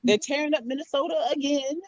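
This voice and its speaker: A woman's voice: high-pitched, quick pace, a little hiss or hum. Sarcastic New York woman on a muffled call. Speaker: panelist. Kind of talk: casual group discussion.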